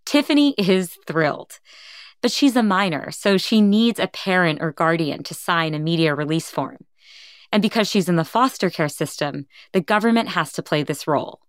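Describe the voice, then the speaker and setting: A woman podcast host giving calm, measured scripted narration between interview clips. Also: fairly low pitch, no room sound, studio quality.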